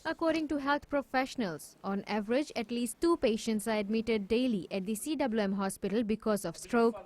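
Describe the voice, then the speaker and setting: A woman news reporter reading a scripted voice-over in a clear, even way. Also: on the high side, brisk.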